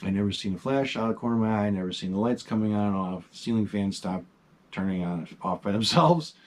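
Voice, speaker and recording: A middle-aged man casually telling a ghost story to his vlog audience, animated and swearing freely. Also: on the low side, quick pace. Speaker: vlog host.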